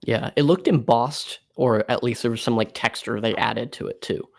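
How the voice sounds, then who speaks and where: Gravelly laid-back podcast man. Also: mid-range voice, moderate pace. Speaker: podcast co-host. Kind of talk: casual chat.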